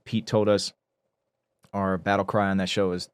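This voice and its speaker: Male podcast guest, thirties, lowish and dry, lively anecdotes. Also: moderate pace, smooth, no echo. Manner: animated storyteller who acts out quoted people. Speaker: guest actor. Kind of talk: casual podcast storytelling.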